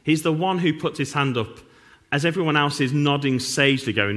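Middle-aged pastor, animated sermon delivery, wry sarcastic asides. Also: male voice, on the high side, a little fast. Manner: wry, self-mocking humor with sarcastic asides.

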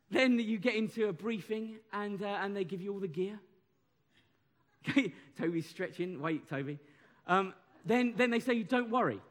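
A young man giving a lively, conversational sermon that draws in his audience. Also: high voice. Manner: animated, conversational, audience participation. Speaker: preacher.

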